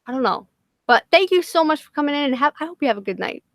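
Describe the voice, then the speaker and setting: Woman host, higher pitch, dry close mic; blunt, profane and laughing. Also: very animated, fast, no echo. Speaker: livestream host. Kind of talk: casual livestream chat.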